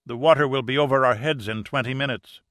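A man's voice: medium pitch, fast talker, a bit bright, dry recording, clean studio sound, natural voice. A man voicing a frightened trapped man who pleads urgently, read as an audiobook character. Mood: pleading.

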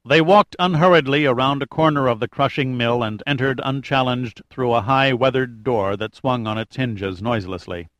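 A man reading a thriller audiobook in a measured, even narration. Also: medium pitch, no room sound. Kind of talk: scripted narration.

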